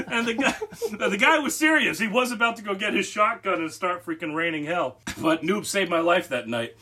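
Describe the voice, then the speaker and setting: A young man co-hosting a podcast, telling a story in an animated, laughing way. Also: high voice, moderate pace, husky. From Massachusetts, USA. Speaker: podcast co-host. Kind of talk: casual podcast chat.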